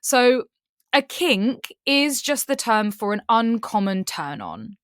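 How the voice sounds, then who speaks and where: A woman's voice: a little high, takes it slowly, clean tone, no room sound. Woman, frank podcast guest storyteller, dry intimate mic. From Southwest London, England. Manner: frank and animated, swears freely. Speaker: guest, sex educator. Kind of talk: candid storytelling in podcast chat.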